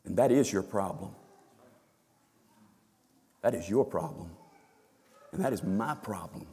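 A man preaching a sermon, swinging from hushed, low lines to loud, emphatic ones. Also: animated, unhurried, husky. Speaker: pastor. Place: church sanctuary. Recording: long reverb of a church hall.

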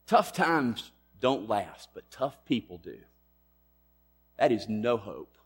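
Male pastor, sermon delivery, emphatic with hushed drops, faint music underneath. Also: medium pitch, slightly rough. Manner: emphatic, swings between loud and hushed.

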